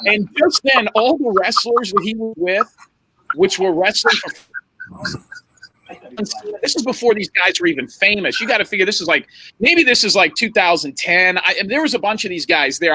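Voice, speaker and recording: Animated husky man telling profane stories. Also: high-pitched, moderate pace, poor audio. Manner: animated, profane, rambling anecdotes. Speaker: podcast guest storyteller. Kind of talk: casual storytelling.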